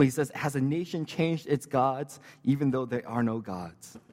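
A male pastor preaches in an easygoing, chatty way, dropping fillers and little jokes between points. His voice sits in a middle register, and it rings out with the long reverb of a church hall. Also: mid-range voice. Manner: conversational and joking, with casual fillers. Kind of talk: sermon.

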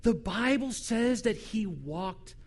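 A man pastor delivering a sermon, telling the story in an animated, conversational way. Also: high voice, slow pace.

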